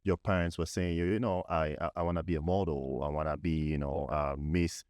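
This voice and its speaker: A man co-hosting a podcast who asks long questions in a halting way, stopping to search for words. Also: deep voice, steady tone, a little mellow, dry recording. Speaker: podcast co-host. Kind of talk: casual interview questions.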